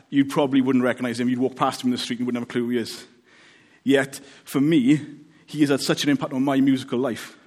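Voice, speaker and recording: A darkish, mid-range male voice comes from a Welsh preacher from Wales. His sermon is casual and joking, and he chats with the congregation, checking in often with "okay?"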